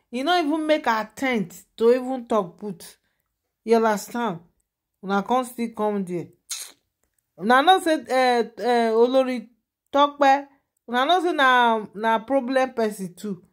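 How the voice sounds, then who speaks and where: A woman with a Nigerian accent hosting her own channel, chatting casually and animatedly as she shares celebrity gossip and laughs often. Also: sits high.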